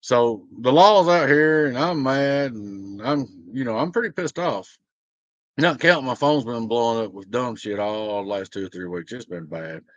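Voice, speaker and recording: A blunt man rants to his viewers in a casual vlog and rambles through his grievances. His voice is mid-pitched. The recording is dry and a bit dull and lo-fi. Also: expressive, moderate pace, no room sound. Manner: blunt, aggrieved, rambling storytelling. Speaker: small business owner.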